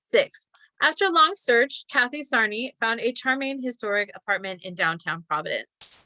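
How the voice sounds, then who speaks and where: A woman's voice: a little high, animated, normal speed, sharp tone, dry recording. A woman teacher reading practice sentences aloud and calling out each comma, with chatty asides. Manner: chatty asides about a company.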